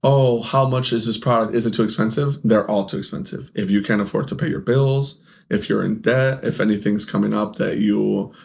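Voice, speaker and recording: A man's voice: on the low side, fairly quick, creaky, darkish tone. A young man, a podcast co-host who owns a game store, telling rambling stories in casual chat, laughing often and acting out the people he quotes.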